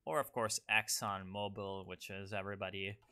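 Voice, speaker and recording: A man's voice: fairly low pitch, little pitch movement, normal speed, sharp tone. A young man casually commenting on a strategy game, rambling and sarcastic, swearing freely. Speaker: gaming YouTuber.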